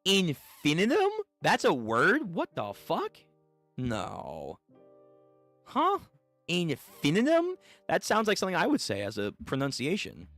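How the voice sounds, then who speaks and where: A man's voice: on the high side, wildly swooping pitch, a little slow, a bit bright, no room sound, soft background music. A young man live-streaming his reaction to a manga chapter, reading it aloud and swearing as he talks back to the page.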